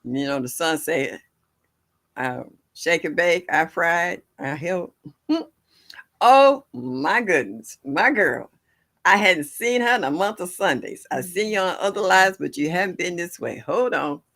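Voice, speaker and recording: Very animated and unhurried, an older woman speaks in a lowish, slightly bright voice. She hosts a gardening livestream from home through a livestream setup, chatting in a folksy way and laughing with viewers tuning in live.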